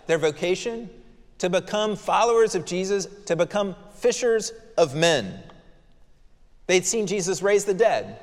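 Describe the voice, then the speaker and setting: A pastor giving an expository sermon in a church, explaining the text with conversational asides. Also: male voice, high voice. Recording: long reverb of a church hall.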